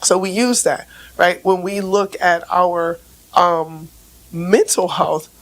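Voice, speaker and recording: A woman with a raspy voice from laryngitis, speaking as a relationship expert on a casual podcast and explaining with everyday examples. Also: lowish voice, steady tone, slow pace, poor audio. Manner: explains with everyday examples, frequent "right?" checks; repeats words when starting sentences.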